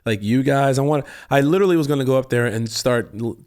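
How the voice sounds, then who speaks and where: A man talking as a guest in a relaxed interview, his voice sitting in a middle pitch. He tells stories animatedly, acting out his own reactions in quotes. His phrasing rambles with quick restarts. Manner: rambling with frequent restarts and laughs. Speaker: actor and guest. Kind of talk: casual interview conversation.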